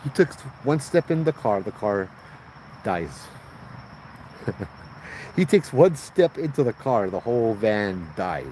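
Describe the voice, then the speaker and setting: A man with a Hawaiian Pidgin accent hosting a livestream, telling a ghost story in a lively way and putting on high voices for the people in it. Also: slow pace, pauses often, a little hiss or hum, poor audio. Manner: animated, acts out voices in high pitch. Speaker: host telling ghost stories.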